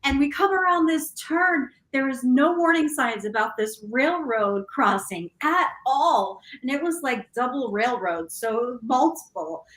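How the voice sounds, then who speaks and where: A woman's voice: high voice, lively intonation, measured pace, few pauses, a bit bright, roomy sound, rough recording. Giggly woman telling a road story. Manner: laughs often while telling stories. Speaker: guest. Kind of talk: casual storytelling chat.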